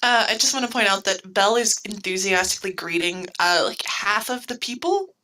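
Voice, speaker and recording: A woman's voice: medium pitch, lively intonation, brisk, sharp tone, a little hiss or hum, poor audio. A woman playing a tabletop game who describes her character's actions in an upbeat way. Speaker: player. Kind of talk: tabletop role-play chat.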